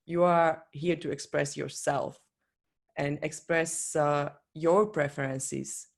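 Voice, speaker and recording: Coach, motivational talk, earnest, encouraging, non-native English phrasing, mid pitch. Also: steady tone, slow pace, creaky. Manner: earnest, encouraging, speaks directly to the listener. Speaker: business and life coach.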